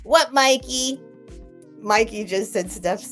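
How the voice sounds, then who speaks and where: A woman's voice: medium pitch, lively intonation, slow pace, faint music behind. A woman hosting a live sale stream, rambling in a chatty way and gushing thanks at her viewers.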